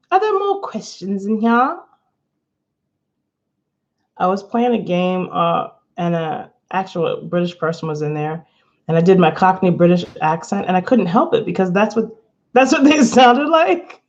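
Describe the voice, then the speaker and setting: A woman's voice: on the low side, moderate pace, darkish tone. A woman doing a casual live tarot reading, chatty and giggly, rambling between the cards and her viewers. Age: adult, not under eighteen. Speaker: tarot reader. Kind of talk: casual live-stream chat. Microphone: webcam or phone, camera from below. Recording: slightly dull lo-fi stream audio.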